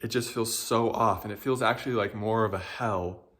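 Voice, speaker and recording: A young man talks in a heartfelt, earnest way, his voice sitting a little low. He often stops to search for words and speaks with open emotion as he reflects on his inner life. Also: fairly even intonation, moderate pace, a bit bright. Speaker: spiritual guide.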